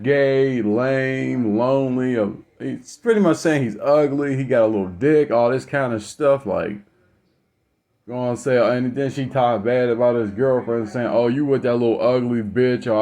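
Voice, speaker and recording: A man's voice: mid-range voice, a little mellow. Blunt, profane young man ranting. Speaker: vlogger. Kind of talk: casual storytelling rant.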